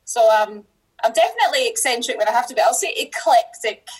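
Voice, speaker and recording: A woman's voice: on the high side, animated, quick pace, breathy edge, low-quality recording. A middle-aged woman from Scotland with a Scottish accent, a teacher talking casually as a podcast guest, chatty with frequent restarts and laughs.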